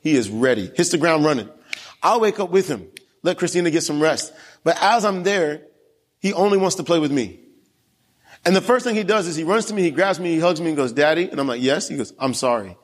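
Man, young adult, pastor, sermon, storytelling, slightly high voice, reverberant hall. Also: expressive, fairly quick. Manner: storytelling preacher, asks the crowd questions. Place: church.

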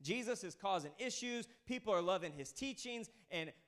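A man in his thirties preaching with a high, bright voice. He is energetic and conversational, breaking off to talk straight to the congregation. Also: normal speed. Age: 30s. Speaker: pastor. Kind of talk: sermon.

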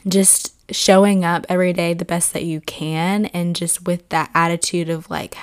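Slightly hoarse woman, earnest podcaster. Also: lowish voice, flat delivery, normal speed. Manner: earnest, rambling, many "like" fillers. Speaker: podcast host. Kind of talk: casual faith podcast reflection.

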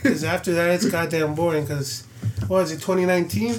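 Laid-back young man with a higher voice. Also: steady tone, brisk, slight background noise. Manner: laid-back, lots of 'you know'. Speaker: podcast co-host. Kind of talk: casual sports chat.

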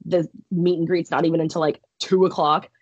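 A woman's voice: lowish voice, level tone, a little fast, slightly rough, no echo, lo-fi sound. A young woman on a podcast telling a personal story casually, swearing freely and laughing often. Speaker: podcast guest, wrestler.

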